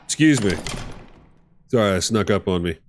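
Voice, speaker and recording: A man streaming a game, giving casual, excitable commentary with swearing and bursts of laughter. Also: on the low side, normal speed, a little hiss or hum.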